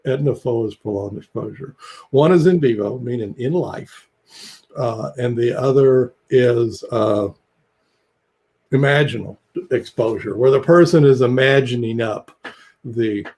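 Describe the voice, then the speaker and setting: A man's voice: mid-range voice, unhurried, a little mellow, breathy edge. An older man telling stories on a video call, rambling along with fillers and chuckles. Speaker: psychologist guest. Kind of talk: casual video call talk.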